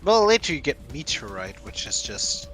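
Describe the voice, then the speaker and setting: A man's voice: mid-range voice, very animated, moderate pace, fairly bright tone, soft background music, low-quality recording. Matter-of-fact man explaining game lore. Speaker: co-player friend. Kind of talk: casual gaming chat.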